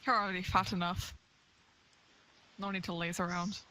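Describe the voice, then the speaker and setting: Male player, dry humor, bright voice. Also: sits high, flat delivery, normal speed, slight background noise, rough recording. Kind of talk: casual tabletop play.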